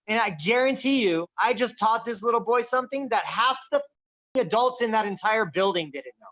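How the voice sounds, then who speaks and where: A man hosting a casual political chat, talking in a boisterous, loud and animated way. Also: high voice, brisk. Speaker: podcast host. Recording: dull lo-fi recording.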